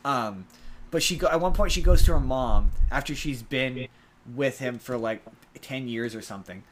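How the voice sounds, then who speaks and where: A man's voice: mid-range voice, normal speed, a little hiss or hum, low-quality recording. A man co-hosting a podcast, recapping a movie in a rambling way with lots of restarts and acted-out quotes. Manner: rambling, many restarts and filler ums, acts out quotes. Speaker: podcast co-host.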